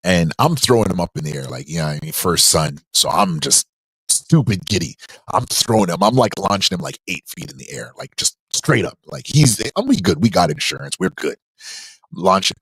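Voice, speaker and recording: Young male stream host, animated and slangy, recorded close and dry. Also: normal speed, slightly rough, dry recording, low-quality recording. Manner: animated, slangy, voices quotes in a high pitch. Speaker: podcast host. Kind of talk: casual storytelling on a live stream.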